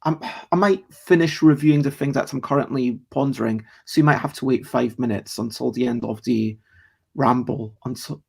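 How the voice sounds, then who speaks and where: Gravelly-voiced man rambling on stream. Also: mid-range voice, moderate pace, a little mellow. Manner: chatty, rambling, self-correcting, talks to chat viewers. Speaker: streamer and host. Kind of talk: casual live-stream rambling.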